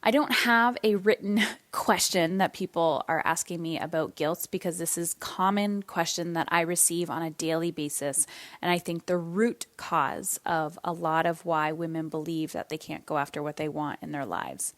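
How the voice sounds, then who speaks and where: A woman's voice: low voice, normal speed, no echo. Tired, candid woman podcast host. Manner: candid, conversational, with some swearing. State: yawning, tired. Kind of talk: solo podcast monologue.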